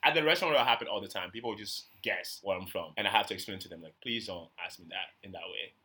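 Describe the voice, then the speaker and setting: A man's voice: on the low side, racing. A young man from Ivory Coast, a podcast guest telling stories in a casual chat and acting out the people he quotes. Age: young adult. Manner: animated storyteller, acts out quoted people. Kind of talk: casual conversation.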